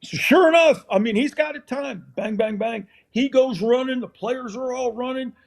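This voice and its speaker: A creaky, very high-pitched voice at a moderate pace belongs to an older man, a former football coach on the show as a guest. He tells casual stories and acts out the scenes with lively animation.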